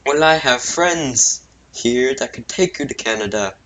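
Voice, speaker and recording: A man's voice: medium pitch, expressive, measured pace, bright, forceful tone, slight background noise, voice pushed up, low-quality recording. A man voicing a friendly giant male elephant in a doodle story, chirpy and eager to help. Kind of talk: storytelling over a drawing.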